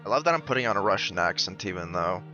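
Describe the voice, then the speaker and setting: A man's voice: low voice, expressive, fast talker, bright, forceful tone, lo-fi sound. A man hosting a gaming channel, casually commenting as he plays a horror game, rambling and swearing now and then. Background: game music.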